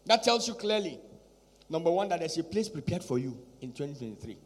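A man with a high voice preaches a sermon, and his words ring out with a long echo, as if from a large hall. He repeats his lines for weight and keeps firing rhetorical questions at the congregation. His delivery stays emphatic and insistent. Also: sing-song, a little fast, a little mellow. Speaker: pastor.

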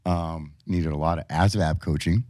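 A man with a low, deep voice tells his story as a podcast guest, easygoing and chatty. He slips into animated impressions of the people he quotes. The sound is dry and close. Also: moderate pace, no echo. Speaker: podcast guest, Marine Corps veteran. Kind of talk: casual storytelling.

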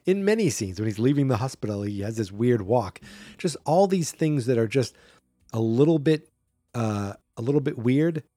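A man's voice: mid-range voice, lively intonation, moderate pace, dark tone, no echo. A man hosting a solo podcast, rambling through a movie in casual commentary and acting out quotes in a raised voice. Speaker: podcast host.

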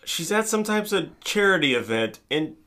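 A man co-hosting a casual podcast, chiming in with quick reactions and laughter before laying out his own notes. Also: fairly high pitch, very animated, sharp tone. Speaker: podcast co-host.

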